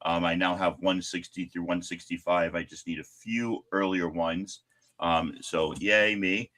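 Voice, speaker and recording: A man in his fifties from Long Island, hosting a live stream and telling stories in a chatty, animated way. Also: low-pitched, unhurried. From Long Island, New York. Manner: chatty, animated, acts out what people said. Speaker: comic shop live stream host. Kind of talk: casual storytelling chat.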